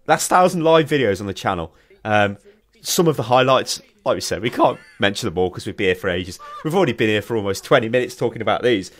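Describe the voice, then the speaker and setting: Animated man, lively storyteller. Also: mid-range voice. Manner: animated storytelling, swears freely. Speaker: host. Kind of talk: casual chat.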